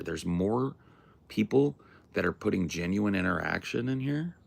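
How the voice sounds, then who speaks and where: A man with a very low voice full of heavy vocal fry, hosting a livestream. He chats casually and rambles in slangy, profane asides to his viewers. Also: animated, moderate pace. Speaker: livestream host. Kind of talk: casual chat with a live chat.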